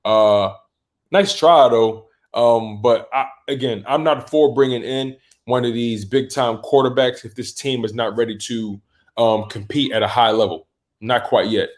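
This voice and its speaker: A man's voice: medium pitch, fairly even intonation, a little slow. Laid-back man chatting on a fan livestream. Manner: rambling, repeats words and restarts, loose slang like "man" and "bro"; yawning and a bit sleepy. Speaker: host of a sports livestream. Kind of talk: casual livestream chat reading viewer comments.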